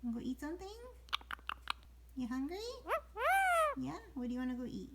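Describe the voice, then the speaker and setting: A woman's voice: high-pitched, a little fast, creaky. A woman talking to her pet parrot at home in cooing, singsong baby talk, repeating her questions. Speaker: pet owner. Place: home, indoors. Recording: loud background noise.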